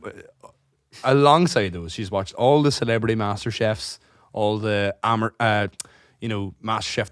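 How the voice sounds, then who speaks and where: A man, co-hosting a podcast in casual chat. He tells stories in an animated way, swears freely and laughs through them. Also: fairly low pitch, dry recording, studio quality. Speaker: podcast co-host.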